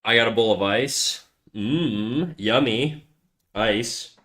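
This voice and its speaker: A man talks casually to his stream while he draws, ribbing the people in it. His voice sits at an ordinary middle pitch. He slips often into soft muttered asides. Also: takes it slowly. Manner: joking, teasing banter with quiet mumbled asides. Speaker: livestreaming artist.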